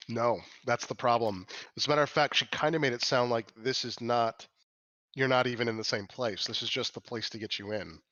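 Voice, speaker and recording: A man's voice: mid-range voice, fairly even intonation, brisk, bright, forceful tone, no room sound, dull audio. A man running a tabletop game as game master, describing scenes with many restarts and fillers. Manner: rambling, self-correcting descriptions.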